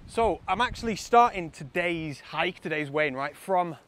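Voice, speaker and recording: A man's voice: fairly high pitch, expressive, unhurried, a bit bright, a little hiss or hum. A young man, vlogging casually and enthusiastically outdoors by a lake, laughing often. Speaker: landscape photography vlogger. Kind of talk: casual vlog to camera.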